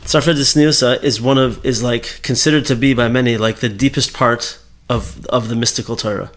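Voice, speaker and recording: A man's voice: medium pitch, steady tone, moderate pace, fairly bright tone. A man giving a casual Torah class, talking things through with fillers and self-corrections. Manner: conversational, thinking aloud with fillers and self-corrections. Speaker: Torah teacher.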